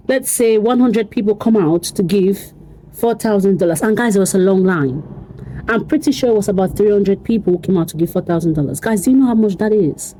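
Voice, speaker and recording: A woman vlogger chats casually to her viewers in an animated, exclamatory way, circling back to the same words again and again. Her voice is warm and mellow rather than bright, with a faint hum of noise behind it. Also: medium pitch, normal speed, low-quality recording. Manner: animated, repetitive, exclamatory, laughs often. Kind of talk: casual commentary to camera.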